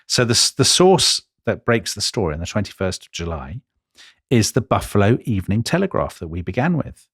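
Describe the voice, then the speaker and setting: A man co-hosting a history podcast in a lowish voice. He tells the story with lively, emphatic swings of pitch on key points. The sound is dry and close. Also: brisk, slightly rough, no echo. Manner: animated, emphatic, jumps in pitch for stress. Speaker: podcast co-host.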